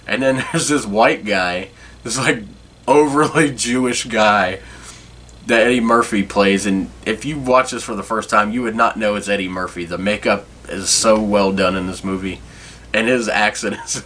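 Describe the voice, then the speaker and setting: A man's voice: lowish voice, steady tone, moderate pace, a bit bright. A man in his forties hosting a podcast, chatting casually and rambling with frequent chuckles. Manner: rambling, chuckling, self-correcting. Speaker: podcast host. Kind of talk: casual nostalgic chat.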